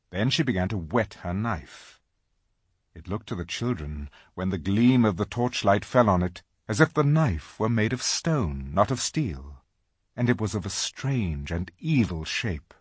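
Slow, expressive male storyteller. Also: low-pitched, husky, no echo, clean studio sound. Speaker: audiobook reader. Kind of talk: scripted storybook narration.

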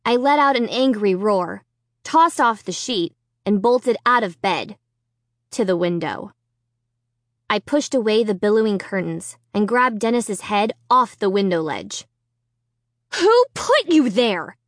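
A woman narrating a children's story in first person, with an expressive, dramatic reading. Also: mid-range voice, unhurried, dry recording, clean studio sound. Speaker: audiobook narrator.

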